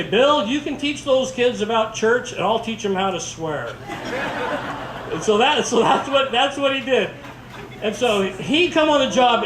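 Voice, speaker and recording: High-voiced man giving a rambling eulogy. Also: a bit bright, a little hiss or hum. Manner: halting, rambling storytelling with frequent chuckles. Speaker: family member giving a eulogy. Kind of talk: memorial speech. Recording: echoey hall picked up from far off.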